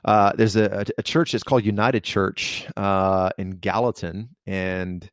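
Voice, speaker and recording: Low-voiced man, halting podcast chat. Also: fairly even intonation, clear, resonant tone, no echo, studio quality. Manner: hesitant, many restarts and fillers. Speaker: podcast co-host. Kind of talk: casual faith discussion.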